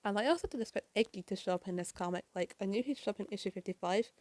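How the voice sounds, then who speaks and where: A woman's voice: mid-range voice, rapid-fire, a little mellow, no room sound. A woman recapping a comic in casual chat, gushing and chatty, swearing casually. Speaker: comic reviewer.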